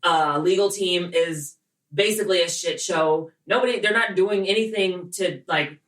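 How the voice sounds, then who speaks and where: A woman's voice: on the low side, moderate pace, fairly bright tone, recorded from a distance. A woman co-hosting a casual podcast, blunt and indignant, swearing freely. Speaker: podcast co-host. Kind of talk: casual chat. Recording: echoey room, off the mic.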